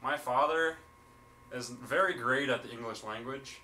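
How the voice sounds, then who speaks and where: A young man trades jokes in a relaxed podcast chat. His voice is bright and forceful, and he laughs easily, with a faint hiss of noise behind him. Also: mid-range voice. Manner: joking, quick to laugh. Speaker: podcast co-host. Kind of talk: casual chat.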